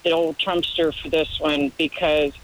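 A woman's voice: deep voice, level tone, measured pace, poor audio. A middle-aged woman calling in to a radio show, blunt and opinionated. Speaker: caller. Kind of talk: call-in opinion.

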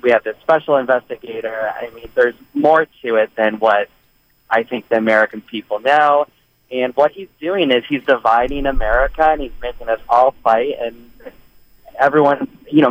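A man's voice: medium pitch, no echo. A man calling in to a talk radio show, earnest and rambling. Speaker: caller. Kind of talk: call-in talk. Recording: dull phone-line audio.

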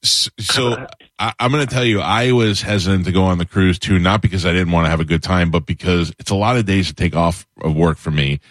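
Forties radio host, low dry voice, blunt gossipy storyteller. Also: male voice, steady tone, brisk, no room sound. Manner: chatty storyteller, blunt and grudge-holding. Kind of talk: casual radio interview chat. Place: radio studio.

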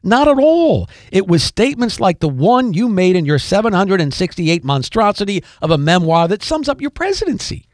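A man's voice: high voice, very animated, normal speed, hardly any pauses, no echo, studio quality. A man hosting a podcast, delivering an emphatic political commentary monologue, repeating key phrases and addressing listeners directly. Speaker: podcast host.

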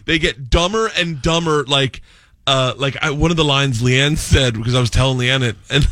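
Excitable man riffing a comic pitch. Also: normal speed. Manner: rambling, excited, laughs often, restarts lines. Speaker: guest comedian. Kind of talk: comic storytelling, pitching a sitcom idea.

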